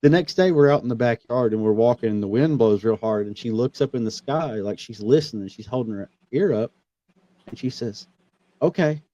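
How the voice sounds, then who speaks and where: A man hosting a casual conversation, telling a personal story in an earnest way that grows animated as he retells events. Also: medium pitch, brisk, no echo. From Missouri. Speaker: podcast host. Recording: slightly dull, lo-fi audio.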